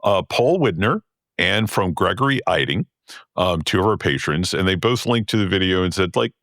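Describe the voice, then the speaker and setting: Animated man ranting on a podcast. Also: sits low, normal speed, dry recording, studio quality. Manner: animated, frustrated ranting with mocking quoted voices. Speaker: podcast co-host. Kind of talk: casual podcast chat.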